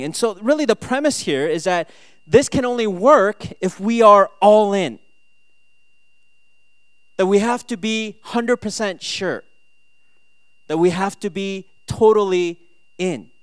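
A man from Minnesota, a pastor in his thirties, giving a sermon with animated storytelling and rhetorical questions. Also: high voice, clear, resonant tone, no room sound.

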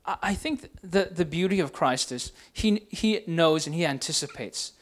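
A man's voice: on the high side, animated, moderate pace. A young man preaching a casual, conversational sermon to students, often tagging his points with "right?". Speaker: pastor.

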